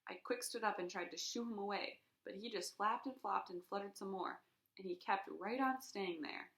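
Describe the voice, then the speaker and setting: A woman reading a children's chapter book aloud in an expressive way, acting out the sound effects. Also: medium pitch, moderate pace, roomy sound. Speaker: reader.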